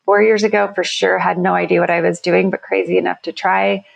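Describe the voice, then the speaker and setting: A woman's voice: fairly low pitch, level tone, fairly quick, gravelly. A woman company founder, a guest on a podcast interview, explaining her work in an enthusiastic, conversational way. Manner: enthusiastic, explanatory, self-correcting.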